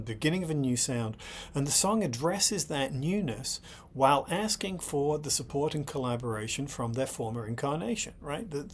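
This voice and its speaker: Middle-aged male host breaking down lyrics, ordinary mid-range voice, faint background hiss, thinks aloud, keeps asking "right?". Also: medium pitch. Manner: thoughtful, repeatedly checks in with "right?"; blunt and exasperated when scolding critics. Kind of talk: analytical commentary on song lyrics.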